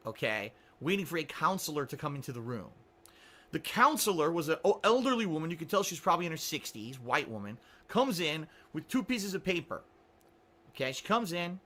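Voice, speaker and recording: High, lively man telling an exasperated story. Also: moderate pace. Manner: exasperated, sarcastic, swears freely; rhetorical questions to listeners. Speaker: radio show host. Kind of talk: casual storytelling. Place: small studio.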